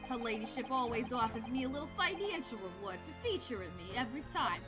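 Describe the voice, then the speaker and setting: A woman's voice: on the high side, big pitch swings, fast, music in the background. A woman voicing a brusque, self-important middle-aged male police inspector with a put-on British accent. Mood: blustering.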